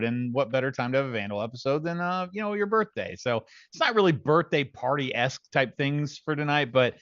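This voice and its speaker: A man's voice: on the high side, fairly bright tone, dry recording, highs cut off. A man hosting a podcast in casual chat, laying out the episode plan. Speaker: podcast host.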